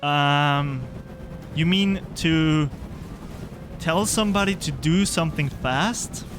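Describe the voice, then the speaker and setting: A young man gives live game-stream commentary, talking slowly and chatting with his viewers. His voice sits a little high, and faint game music plays underneath. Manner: chatty, laughs often, answers chat.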